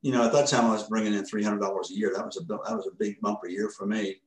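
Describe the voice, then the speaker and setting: A man telling a story as a podcast guest, earnest and halting, often restarting his sentences. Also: lowish voice, fairly even intonation. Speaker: podcast guest, ministry founder. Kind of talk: casual spoken storytelling. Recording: roomy echoey room.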